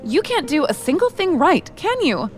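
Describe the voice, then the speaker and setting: A woman's voice: on the high side, lively intonation, normal speed, voice pushed up, lightly acted. A woman voicing a bossy young female music executive who shrieks and sneers. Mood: angry. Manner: shrieking, scornful.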